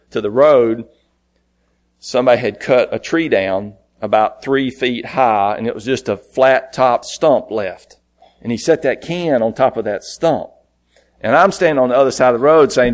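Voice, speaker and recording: A man preaching a sermon, telling a lively personal story in a folksy, animated way. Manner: animated, folksy storytelling, jumping in pitch for quoted lines.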